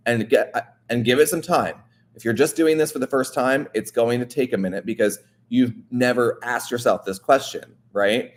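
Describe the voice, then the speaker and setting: Guy hosting a wellness talk, mid-pitch voice, keeps asking "right?" like he's coaching you. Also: fairly even intonation, moderate pace. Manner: earnest, coaching, addresses listener directly with frequent "right?". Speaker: wellness podcast host. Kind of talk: motivational casual talk.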